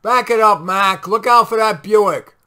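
A man voicing a gruff male parking lot attendant who barks orders loudly in a read-aloud story. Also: sits high, a little slow, voice pushed up, full character voice. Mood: barking. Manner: loud, barking.

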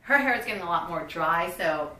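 A woman in her fifties chatting excitedly in a casual unboxing video and reading product labels aloud. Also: lowish voice, brisk, echoey room, distant mic, rough recording. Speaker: beauty vlogger.

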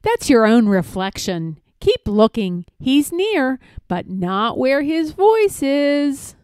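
A woman's voice: sits high, very animated, slow, a little mellow, clear, resonant tone, no room sound, clean studio sound, full character voice. A woman reading Elmer, playful patchwork elephant. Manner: friendly storybook read-aloud voice.

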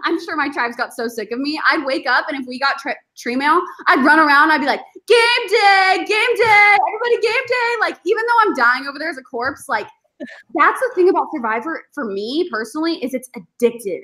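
A woman, a guest on a podcast, telling animated stories in casual chat and acting out her past self. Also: high-pitched. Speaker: podcast guest, former reality show contestant.

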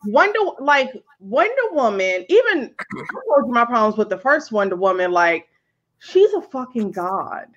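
A woman with a somewhat high voice gives an animated, emphatic and profane movie review in casual chat. The audio is a little dull and lo-fi, as if from a live video call. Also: normal speed. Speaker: podcast co-host.

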